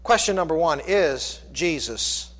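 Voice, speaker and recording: A man's voice: a little high, expressive, measured pace, fairly bright tone. A man preaching a sermon as pastor, building fervor with repeated refrains. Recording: long church reverb.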